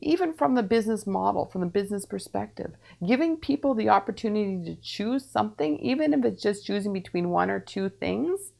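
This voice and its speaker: A woman acts as a medium and gives channeled spiritual guidance. Her voice is thick with vocal fry, and her pitch sits in an ordinary middle range. She speaks in measured, repeating phrases and leaves calm pauses between them.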